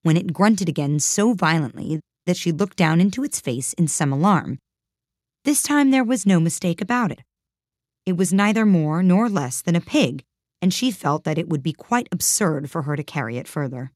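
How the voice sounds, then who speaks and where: A woman narrates a storybook in a calm, even manner. Her voice is low and mellow. The recording is dry and close, with no room sound. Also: moderate pace, dry recording. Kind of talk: storybook reading.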